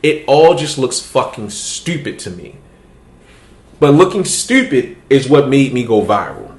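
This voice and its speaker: A man's voice: medium pitch, expressive, unhurried, echoey room, a little hiss or hum. A man hosting a podcast, telling a story in casual, profane chat and laughing as he goes. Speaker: podcast host.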